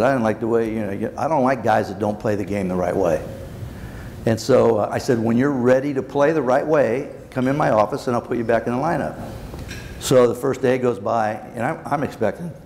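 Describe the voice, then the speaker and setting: An older man with a mid-range, slightly mellow voice, once a baseball manager, tells blunt anecdotes during a luncheon Q&A, acting out the dialogue he quotes. He speaks in a large banquet hall, where long reverb and faint room noise fill the recording.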